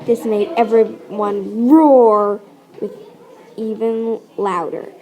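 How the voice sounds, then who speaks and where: A woman reading a children's story aloud with expressive, playful narration and sound effects. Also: medium pitch, takes it slowly. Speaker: storybook reader.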